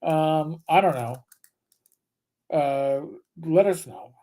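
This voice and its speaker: Middle-aged male co-host, ex-cop from New York, warm low tone, loose halting storytelling. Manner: rambling, halting, many restarts. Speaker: podcast co-host, retired police officer. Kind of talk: casual storytelling chat.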